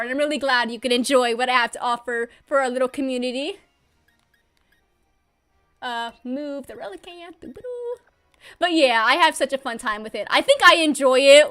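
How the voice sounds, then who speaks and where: A woman's voice: high voice, sharp tone. A young adult woman chatting casually and bubbly while livestreaming a game from home, laughing often.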